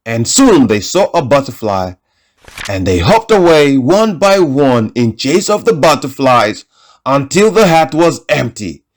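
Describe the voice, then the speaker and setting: A man's voice: medium pitch, sing-song, unhurried, slight background noise. A man reading a children's story aloud in a playful, sing-song manner, stretching out his words. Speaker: storybook reader.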